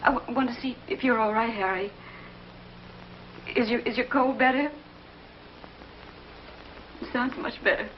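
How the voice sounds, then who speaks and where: A woman's voice: a little high, a little slow, pauses often, slight background noise, natural voice. An actress playing a lonely woman who pleads with an estranged lover over the phone, stammering and crying. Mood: pleading. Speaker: distraught caller. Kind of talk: 1950s television drama acting. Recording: dull old TV soundtrack with music.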